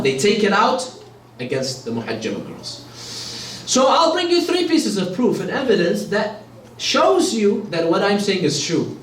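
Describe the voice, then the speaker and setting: Impassioned high-voiced male lecturer, echoey hall. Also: slight background noise. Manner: impassioned, repeats phrases for emphasis. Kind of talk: religious lecture. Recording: echoey hall, mic at a distance.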